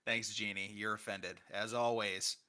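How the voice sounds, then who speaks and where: A man co-hosting a comedic podcast, playful and quick to laugh as he banters. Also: on the low side, fairly even intonation, pushed and bright, clear, resonant tone. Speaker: podcast co-host.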